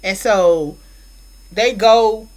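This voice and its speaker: A film reviewer, a woman with a mid-range voice, casually retells a movie plot, rambling with lots of fillers and acted-out quotes, with features. She draws out her words, and the recording is rough.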